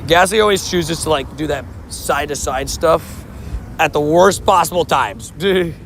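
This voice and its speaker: Slightly hoarse, chatty young male streamer. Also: fairly high pitch, normal speed, a bit bright, slight background noise. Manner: chatty, joking, self-mocking banter. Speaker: mobile game streamer. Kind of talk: casual livestream commentary while playing.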